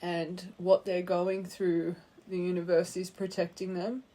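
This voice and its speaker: A woman giving a tarot card reading to her viewers, speaking gently and heartfelt and calling her listeners her angels. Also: fairly low pitch, flat delivery, measured pace. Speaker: tarot reader.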